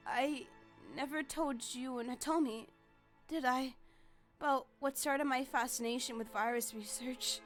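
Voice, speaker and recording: A weak, rasping middle-aged father, voiced by a woman speaks in slow, halting, hushed phrases. His voice sits low and quiet. Game music runs underneath. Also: fairly even intonation. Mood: fading, tender. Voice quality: rasping, faint. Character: dying middle-aged male scientist father, gentle and weak.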